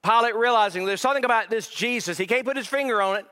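A man's voice: very high voice, fast talker, bright, forceful tone, smooth. A male pastor preaching a sermon in a church, dramatic and emphatic, repeating words as his intensity builds. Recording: long reverb of a large hall.

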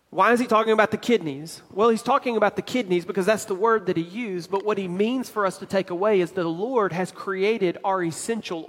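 A man preaching a sermon as pastor, emphatic and building to louder climaxes. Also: high voice, big-room sound.

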